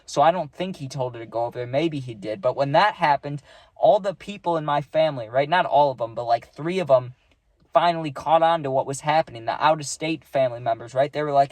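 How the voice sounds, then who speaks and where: A man's voice: a little high, a little fast, a little mellow, no room sound. A young man casually telling a rambling story, full of fillers, acting out what he saw. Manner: rambling, filler-heavy, acts out the scene.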